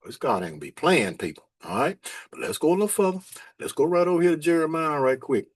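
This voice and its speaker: A man giving informal Bible teaching, reading verses slowly and then commenting on them in plain, emphatic talk. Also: a little high, big pitch swings, breathy edge.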